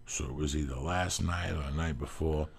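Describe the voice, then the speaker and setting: A man with a very low, gravelly voice tells a long personal story in loose, casual talk. His tone is husky and rough, he swears freely and acts out the lines of the people in his story. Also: normal speed. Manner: profane, animated storytelling, acts out quotes.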